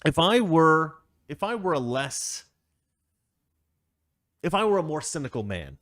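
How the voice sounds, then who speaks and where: Man host, chatty political commentary, lively pitch, dry close sound, rambling and opinionated. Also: measured pace, dry recording. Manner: opinionated and rambling, chuckling often. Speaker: show host.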